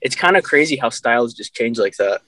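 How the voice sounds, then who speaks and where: A man's voice: mid-range voice, lively intonation, fairly quick, a bit bright, no echo. A young man chatting casually on a podcast, telling rambling stories and laughing at himself. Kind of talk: casual chat.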